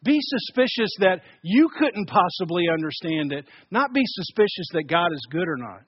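A male pastor delivers a sermon in a fairly high voice. He preaches emphatically, rising and falling in volume and doubling back on words. The sound is dry and a bit dull. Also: sing-song, normal speed, slightly rough, no echo. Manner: emphatic, shifts between loud and soft, repeats words.

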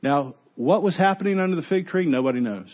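A male pastor preaching a sermon, telling the story with lively quoted voices and dropping low and quiet to stress key words. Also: fast, muffled recording.

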